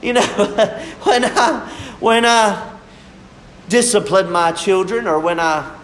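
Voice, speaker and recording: Casting: young male preacher, high voice, fervent and unhurried delivery. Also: fairly even intonation, slight background noise. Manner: fervent, drawn-out preaching with shifts between soft and emphatic. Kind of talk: sermon.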